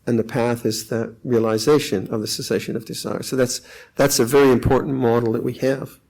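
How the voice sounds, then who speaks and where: An older man, a monk, giving a calm, reflective meditation talk with frequent pauses at a retreat. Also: medium pitch, gravelly, low-quality recording. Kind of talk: dharma talk.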